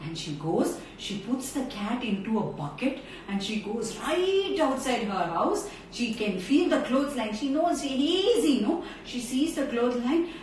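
Animated storyteller woman. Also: fairly high pitch, a little slow, few pauses. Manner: animated, talks straight to children. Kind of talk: storytelling for children. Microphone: phone on a live stream. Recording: echoey room, far from mic, faint noise.

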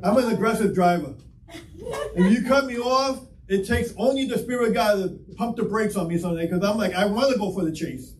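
A man's voice: high-pitched, a little fast, slight background noise. A man preaching a sermon as pastor, talking conversationally and acting out little dialogues. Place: church sanctuary. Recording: echoey church hall, mic from a distance.

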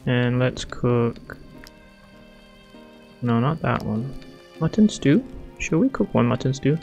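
Gravelly-voiced man, excitable gamer thinking aloud, soft game music behind. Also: medium pitch, slow, dull audio. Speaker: gamer playing a strategy game. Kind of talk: casual let's-play commentary.

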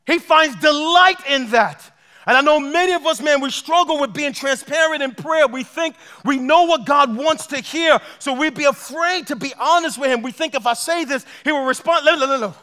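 A man's voice: extremely high pitch, moderate pace, sharp tone. A man preaching a sermon as pastor, impassioned and acting out heartfelt prayers in a large church. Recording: long church hall reverb.

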